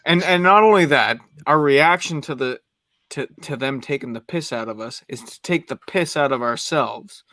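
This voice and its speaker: A man on a fan call-in show pushes through an emphatic rant, stumbling over repeated words as he builds. His voice is bright and forceful. The sound is dry and close. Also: medium pitch, moderate pace, no room sound. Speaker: fan caller.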